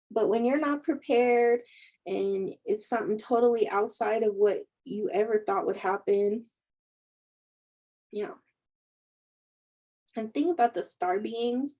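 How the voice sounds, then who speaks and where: A woman's voice: on the high side, unhurried, pauses often, dark tone, low-quality recording. A woman spiritual teacher in a casual livestream chat, telling stories and laughing often. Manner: chatty storyteller, laughs often. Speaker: spiritual teacher and intuitive healer.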